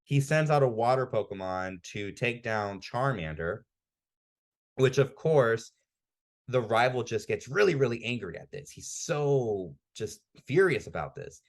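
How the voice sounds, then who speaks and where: A man's voice: mid-range voice, animated, unhurried. A man co-hosting a podcast, casually recapping and reviewing a comic chapter with enthusiasm and lots of "like" fillers. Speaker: podcast co-host.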